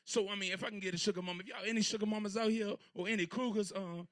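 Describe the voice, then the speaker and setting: A man's voice: sits high, fairly even intonation, rapid-fire, fairly bright tone, no echo, clean studio sound. A man in his thirties from Virginia doing a stand-up set, telling loose, rambling stories full of crude jokes. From Portsmouth, Virginia. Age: 30s. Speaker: stand-up comedian.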